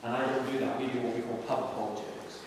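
Racing along in a steady, mid-range voice, a middle-aged preacher and evangelist tells earnest stories in a conversational style to a tour group inside a big church. The recording is from far off in an echoey hall, and the background is noisy.

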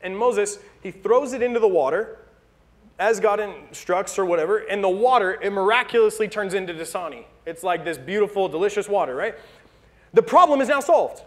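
A man's voice: high-pitched, animated, a little fast. A young American man preaching a sermon in a casual storytelling way, acting out the people he quotes. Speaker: pastor.

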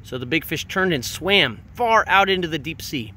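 A man's voice: a little high, lively intonation, normal speed, bright, forceful tone, slight background noise. A man reading a picture book aloud, drawing out the big words for dramatic emphasis. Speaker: reader. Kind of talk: storybook read-aloud.

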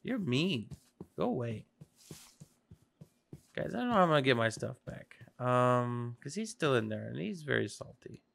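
Excitable gamer with a gravelly, lively voice. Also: medium pitch, moderate pace, long pauses. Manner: excitable, chatters to the game creatures; swings between whispers and shouts. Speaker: gaming video host. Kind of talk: gameplay commentary.

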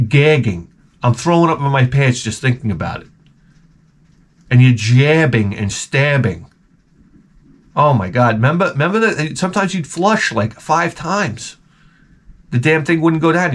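A man hosting his own vlog, telling crude, profane stories in a rambling comic monologue. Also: mid-range voice. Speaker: vlog host.

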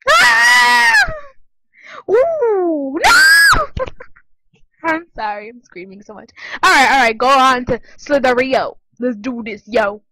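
Giggly high-voiced woman playing games. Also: normal speed, few pauses, shouting, poor audio. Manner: giggly, squealing, excitable. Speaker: gaming channel host. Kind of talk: casual gameplay commentary.

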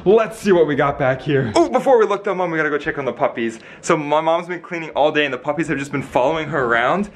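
A young man hosting an upbeat family vlog, talking excitedly to his viewers and cooing at his dogs. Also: a little high, roomy sound, far from the mic, a little hiss or hum. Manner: excited, talks to viewers and pets. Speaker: vlogger host.

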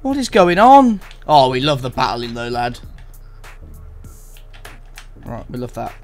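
A young man commentating on a football video game, groaning and shouting at every twist of the play. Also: mid-range voice, very animated, a little slow, soft background music. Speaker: gaming co-commentator. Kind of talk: live gameplay commentary.

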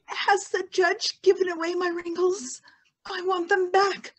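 A woman's voice: extremely high pitch, flat delivery, measured pace, a bit bright, low-quality recording. A woman playing a vain, deaf woman who laments her lot through tears, in an amateur stage reading. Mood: tearful. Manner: tearful, pleading lament. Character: vain, deaf, self-pitying woman, weeping.

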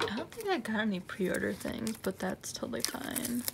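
Young woman unboxing at night, slow gravelly voice, gets all gushy and whispery, noisy home recording w clicks. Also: on the high side. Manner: excited, gushing, often drops to a whisper. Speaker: unboxing vlogger. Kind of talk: casual unboxing chat. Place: room at night, indoors.

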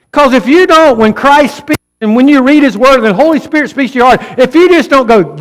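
A man's voice: very high voice, expressive, moderate pace, big-room sound. A man preaching a sermon as pastor, speaking emphatically and often urging the congregation directly. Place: church sanctuary.

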